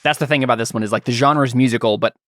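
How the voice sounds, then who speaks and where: A man running a tabletop role-playing game as game master, chatting in a relaxed, rambling way with lots of fillers. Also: medium pitch, racing, dry recording, studio quality. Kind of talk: casual chat while setting up a tabletop game.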